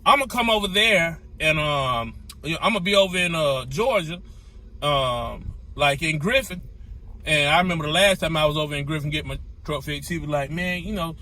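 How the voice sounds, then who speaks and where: Bright, animated trucker telling a story. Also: male voice, on the high side, fairly quick. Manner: animated, repetitive, exclamatory. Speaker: owner-operator truck driver. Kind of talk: casual storytelling vlog.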